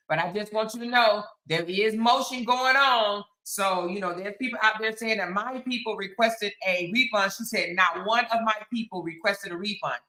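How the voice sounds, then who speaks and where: A woman's voice: medium pitch, pushed and bright, roomy sound. A woman, hosting a casual live stream, chatting straight to her viewers and reading out their comments. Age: 50s. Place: on the outskirts of Houston, Texas.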